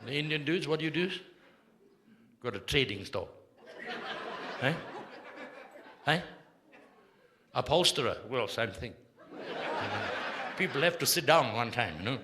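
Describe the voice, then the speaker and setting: A man's voice: mid-range voice, animated, measured pace, long pauses, heavy background noise. A man in his sixties with a South African accent, doing a crude, needling stand-up set on a theatre stage. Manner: brash, crude, needling the audience. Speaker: stand-up comedian. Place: theatre stage before a live audience. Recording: live show with crowd laughter.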